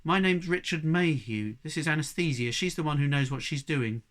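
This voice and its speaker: A man's voice: on the high side, moderate pace, fairly bright tone, natural voice. A man reading a storybook voices an anxious young man out of his depth, who asks nervous, pleading questions. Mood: polite.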